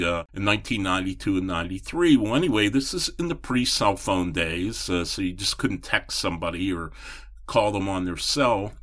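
A man's voice: sits low, pushed and bright. A middle-aged man, a baseball reporter, telling long rambling anecdotes in an interview, with many restarts and fillers. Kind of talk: storytelling in a podcast interview.

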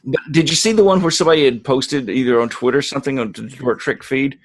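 A man's voice: mid-range voice, quick pace. A man co-hosting a podcast in casual chat, joking and fond of doing impressions. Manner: jokey, puts on impressions of politicians. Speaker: podcast co-host.

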